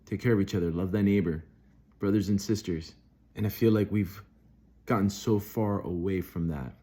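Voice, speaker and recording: A man's voice: low-pitched, normal speed, warm tone, slightly rough. A middle-aged man speaking earnestly off the cuff in a devotional monologue, with restarts and bursts of rising emphasis. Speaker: Christian video host.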